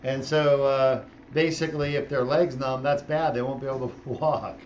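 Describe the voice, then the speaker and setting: A man's voice: medium pitch, fairly even intonation, moderate pace, darkish tone, lo-fi sound, a little hiss or hum. A middle-aged man, a spine surgeon, explaining his work in a casual, joking way while he operates. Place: operating room.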